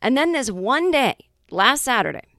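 A woman hosting her comedy podcast, talking in a chatty, self-mocking monologue with quick asides. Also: a little high, sing-song, fairly bright tone, no echo, clean studio sound.

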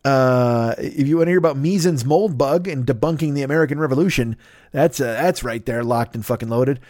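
A man's voice: on the high side, no echo, clean studio sound. A man hosting a podcast, rambling through a profane, jokey sponsor plug full of asides. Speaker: podcast host. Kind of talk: casual podcast ad read.

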